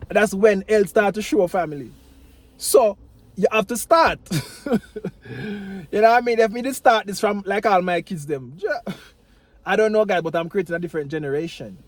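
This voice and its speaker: A man's voice: sits high, expressive, moderate pace, dry recording. A Jamaican man talking casually to his viewers outdoors, rambling and often repeating "you know what I mean" and "family". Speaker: vlogger. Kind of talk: casual talk to camera. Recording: loud street and traffic noise.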